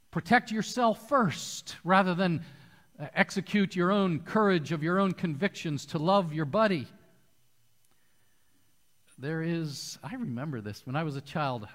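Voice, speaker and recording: A man preaching a sermon to a church congregation, telling stories with lively, animated delivery. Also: on the high side. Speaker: pastor. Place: church hall. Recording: long hall reverb.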